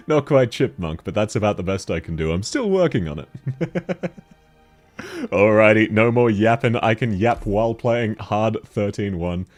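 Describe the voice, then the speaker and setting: A man with a deep timbre chatting casually and jokily while streaming a game, laughing often. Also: big pitch swings, measured pace, darkish tone, faint music behind. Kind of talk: casual gaming stream chat.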